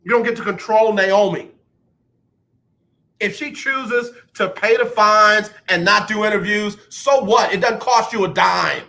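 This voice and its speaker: Fired-up high-voiced male radio host. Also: measured pace, vocal fry. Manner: animated, ranting, emphatic. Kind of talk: sports talk radio. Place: radio studio.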